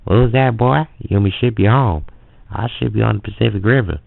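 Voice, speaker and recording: A man voicing a gruff, bossy Southern uncle who scolds his young nephew, in a put-on Southern US accent. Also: on the low side, fast, dry recording. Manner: scolding, bossy, calls the kid "boy". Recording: phone-like lo-fi audio.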